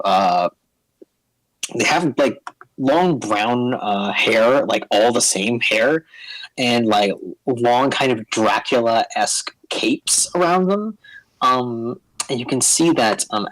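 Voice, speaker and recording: A man running a tabletop game, rambling his way through scene descriptions with lots of fillers. His voice is dry and close, with no room echo around it. He sits at a mid pitch. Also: a bit bright. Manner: rambling, filler-heavy, laughs a lot. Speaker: game master.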